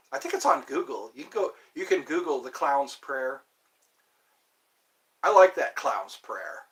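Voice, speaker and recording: A man rambles from topic to topic on his own vlog, laughing at himself and breaking into snatches of song. His mid-range voice has a fairly bright tone.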